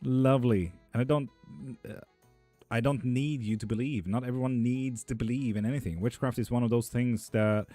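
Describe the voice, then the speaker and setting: A man's voice: medium pitch, fairly even intonation, normal speed, warm tone, soft background music. A man hosting a live stream, chatting casually and answering viewer questions in a loose, joking, profane way, laughing often. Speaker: live stream host reading chat questions. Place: indoor room with a fan running.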